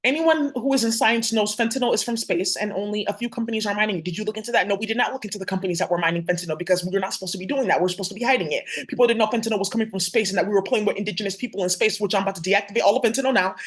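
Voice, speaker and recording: A woman vlogger rants in a fast, confrontational torrent, swearing freely as she speaks straight to her viewers. Her voice sits at an ordinary middle pitch, but her pace never lets up. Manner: rapid, profane, confrontational. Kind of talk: heated direct-to-camera rant.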